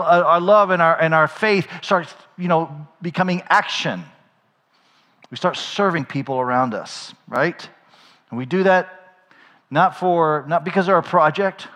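A man's voice: mid-range voice, fairly bright tone. A man preaching a sermon as pastor, in a conversational style, often checking in with "right?". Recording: long hall reverb.

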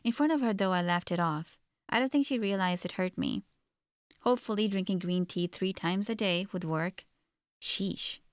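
A woman's voice: medium pitch, normal speed, smooth, no echo, clean studio sound. A woman narrating a first-person novel in an earnest, reflective manner. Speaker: audiobook narrator.

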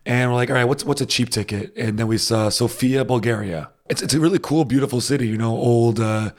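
Briskly and at medium pitch, a man recounts a trip in a laid-back conversation. He keeps restarting and dropping fillers as his lively, wandering anecdotes unfold.

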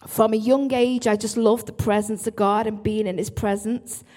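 A woman worship leader speaks at normal speed in a warm, steady, medium-pitched voice. Her church talk is earnest but frequently interrupted by her own restarts and apologetic asides.

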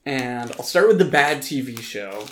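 A man co-hosting a casual podcast, giving animated, opinionated reviews with frequent ums and restarts. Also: medium pitch, normal speed, background noise. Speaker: podcast co-host reviewing films and TV. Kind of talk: casual chat.

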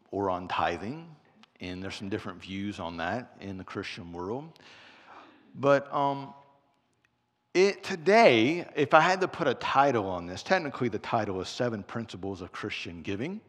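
A man preaching a conversational sermon as pastor, telling stories along the way. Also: on the low side. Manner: animated, conversational storyteller. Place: church sanctuary. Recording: long church reverb.

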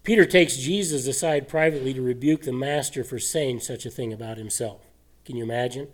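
A man preaching a sermon, animated and full of rhetorical questions and scoffing laughs. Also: mid-range voice, a little fast. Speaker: pastor.

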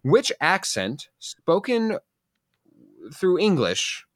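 A man's voice: sits high, huge pitch swings, very slow, fairly bright tone, dry recording, clean studio sound. A man hosting a casual group podcast, joking around and making announcements in a playfully grandiose way. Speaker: podcast host.

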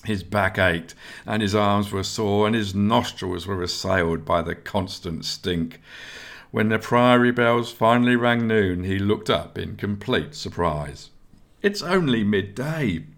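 A man giving scripted audiobook narration in a steady storytelling manner. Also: on the low side, unhurried, creaky.

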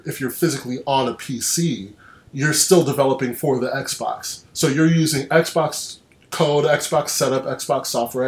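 A man's voice: medium pitch, roomy sound. A man hosting a casual online chat, rambling with restarts and sardonic asides. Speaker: podcast host. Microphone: online call.

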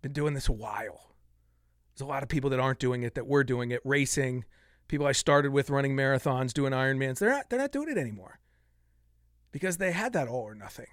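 A man's voice: medium pitch, animated, fairly quick, dry recording, clean studio sound. A man in his fifties hosting a solo fitness podcast, talking passionately and getting worked up as he vents. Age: 50s. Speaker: podcast host.

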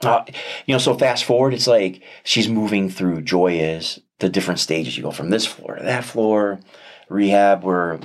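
A man with a low, deep voice speaks as a guest in an interview, sharing a heartfelt personal testimony. He talks earnestly and reflectively, pausing often and restarting his sentences as he searches for the right words.

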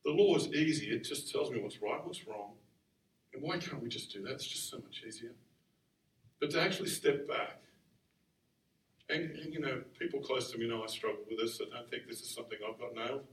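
A man preaching a sermon in a conversational, animated way, acting out the quotes he tells. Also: mid-range voice, brisk. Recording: roomy sound from far off the mic.

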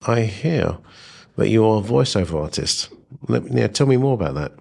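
A man's voice: on the low side, expressive, normal speed, vocal fry, dark tone. A man hosting a podcast, asking questions in a teasing, playful way. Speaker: podcast host. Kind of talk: casual chat.

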